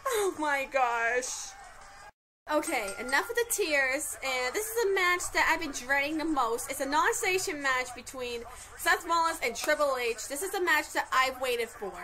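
High, lively, excitable woman reacting. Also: normal speed, hardly any pauses, soft background music, poor audio. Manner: excitable, gushing exclamations. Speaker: host reacting to a wrestling broadcast. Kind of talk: live reaction commentary.

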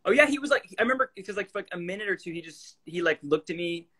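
A man's voice: high voice, lively intonation, bright, forceful tone. A man, an actor, in casual chat on a live stream from his phone, laid-back and full of fillers. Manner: laid-back, fast talking with many fillers, does joking voices.

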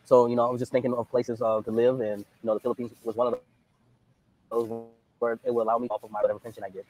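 A man's voice: medium pitch, little pitch movement, fast talker, darkish tone, soft background music, low-quality recording. A man in his forties from the United States answering interview questions hesitantly, with many fillers. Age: 40s. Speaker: interview guest.

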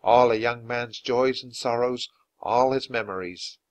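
A man voicing a kind but firm woman nurse, speaking solemnly and in a measured way. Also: mid-range voice, no room sound, lightly acted.

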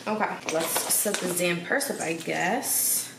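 A woman's voice: mid-range voice, slow, hardly any pauses. A woman vlogging at home in a chatty, sassy, slangy way, talking straight to her viewers. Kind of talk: casual vlog chat. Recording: echoey room, distant from mic, noisy.

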